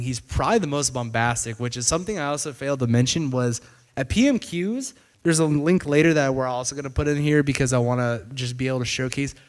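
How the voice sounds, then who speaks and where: This man's voice sits in the mid range, clear with a resonant tone. He presents a casual explanatory video commentary in a conversational way, using fillers and loose restarts and recounting what happened through "he's like" and paraphrased quotes.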